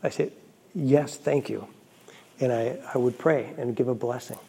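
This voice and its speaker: Gravelly, husky priest telling a story. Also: male voice, mid-range voice, measured pace. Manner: earnest, reflective storytelling with quiet asides. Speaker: Catholic priest. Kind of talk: storytelling homily.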